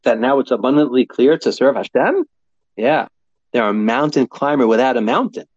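A man's voice: mid-range voice, moderate pace, no echo. A man giving a Torah lecture, asking and answering his own questions and acting out the voices he quotes. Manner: animated, acts out quoted voices, asks and answers himself. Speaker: Torah teacher. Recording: dry, dull lo-fi sound.

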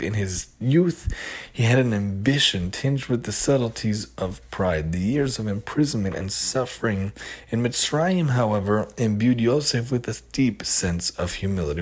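Husky, low-voiced man teaching a lesson. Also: a little mellow. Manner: measured, earnest teaching cadence. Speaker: host of a Torah lesson show. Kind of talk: recorded religious lesson with storytelling.

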